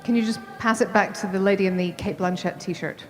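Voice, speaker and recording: A woman moderating a festival Q&A, briskly directing the microphone to the next questioner. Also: mid-range voice, steady tone.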